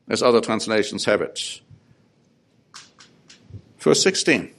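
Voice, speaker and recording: A man's voice: medium pitch, expressive, a little slow, creaky, long pauses, a bit bright. A man preaching a sermon who reads psalms aloud and explains them, with his voice rising on the pleas. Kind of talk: sermon with scripture reading.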